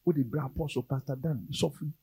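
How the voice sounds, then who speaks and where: A man with a Ghanaian accent preaching a sermon, moving between English and Twi and rising to loud, emphatic calls. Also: fairly high pitch, steady tone, brisk, gravelly, husky, in a large hall. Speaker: pastor.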